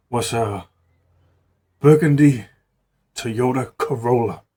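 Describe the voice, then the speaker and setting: A man's voice: medium pitch, mellow, slightly rough. A man improvising a rambling, profanity-laced story in a casual way, often restarting words.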